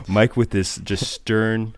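A man's voice: lowish voice, steady tone, extremely slow, crowd noise. A young man hosting a casual sports podcast, telling stories with lots of "uh" fillers and laughter. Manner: laughing, rambling storyteller with many fillers. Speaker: podcast host.

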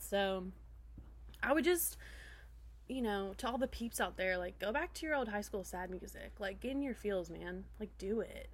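A young adult woman co-hosting a podcast, chatting casually with lots of laughter and filler words. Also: mid-range voice. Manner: laughs a lot, many fillers. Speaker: podcast co-host. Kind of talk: casual chat.

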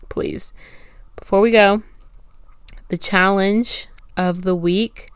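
A woman's voice: mid-range voice, steady tone, slow, pauses often, smooth, no room sound, clean studio sound. A young woman hosting a solo podcast, talking casually and rambling, often correcting herself mid-sentence. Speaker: podcast host.

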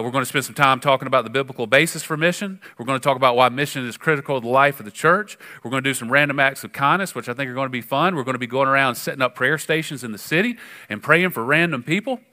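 Speaking at a medium pitch, a male pastor delivers a sermon in a conversational, animated style, full of fillers and sudden emphatic rises.

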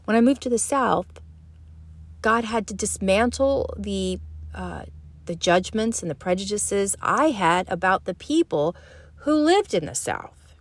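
A woman's voice: medium pitch, lively intonation, measured pace. A woman author talking earnestly to writers, with hesitant fillers and restarts. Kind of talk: casual teaching talk.

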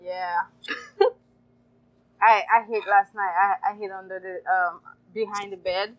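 A woman from Haiti, a restaurant owner telling animated stories in a casual interview and laughing often. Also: mid-range voice, takes it slowly, poor audio. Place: farmers market.

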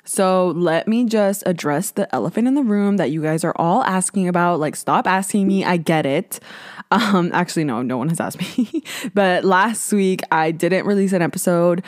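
A young woman chats into a podcast mic from a small closet. Her voice sits a little low and sounds very dry and close. She rambles, swears casually, and pokes fun at herself. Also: normal speed, no room sound. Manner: chatty, swears, self-mocking, lots of "like". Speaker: podcast host. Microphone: podcast microphone.

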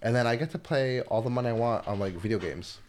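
A man's voice: mid-range voice, fast talker, slight background noise. A man in his twenties chatting casually on a podcast, laid-back, with lots of filler words and some swearing. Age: 20s. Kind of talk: casual chat.

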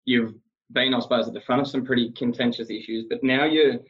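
A man's voice: mid-range voice, fairly even intonation, a little fast. A man interviewing a guest, asking loose, friendly questions with some fillers. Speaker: podcast host, interviewer. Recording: dull lo-fi sound.

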